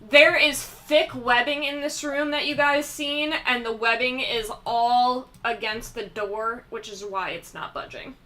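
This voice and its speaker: A woman game master narrating a tabletop game, with a fairly high, bright voice. She talks slowly and thoughtfully, pausing to look things up in her notes as she goes. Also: fairly even intonation, recorded from a distance, rough recording. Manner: slow, thoughtful, checks her notes aloud.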